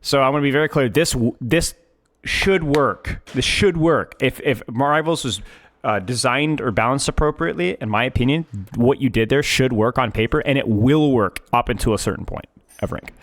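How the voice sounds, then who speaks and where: A man's voice: mid-range voice, normal speed. A man coaching a player through a gameplay replay, emphatic and often repeating his points several times. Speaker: game coach.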